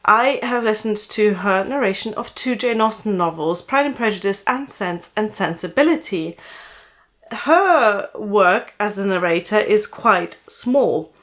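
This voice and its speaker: A woman with a slight German accent, a book vlogger casually recommending audiobook narrators and pausing often to think. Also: mid-range voice, a bit bright. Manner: thoughtful, with frequent "uh" pauses.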